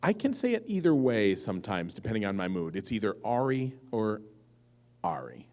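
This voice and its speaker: A man's voice: on the low side, wildly swooping pitch, fairly quick, darkish tone. A man answering audience questions on a convention stage, telling rambling, self-mocking stories that keep wandering off track. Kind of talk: live convention Q&A storytelling.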